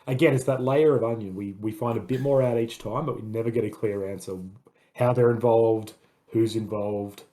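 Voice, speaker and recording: A man's voice: lowish voice, fairly even intonation, moderate pace, warm tone. A man co-hosting a casual film review chat, talking enthusiastically and rambling. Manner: enthusiastic, rambling, says "like" a lot. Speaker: podcast co-host, film reviewer.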